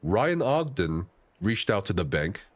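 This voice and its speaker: Guy with a lowish voice reading legal docs on stream, then talking them over. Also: sing-song, no echo. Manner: measured, reads out, then paraphrases casually. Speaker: livestream co-host reading a lawsuit. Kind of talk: reading documents aloud with commentary.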